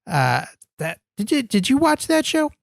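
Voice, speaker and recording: A man co-hosting a comedy wrestling podcast, goofy and deadpan in his banter. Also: extremely high pitch, unhurried, creaky, dry recording, clean studio sound. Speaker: podcast co-host.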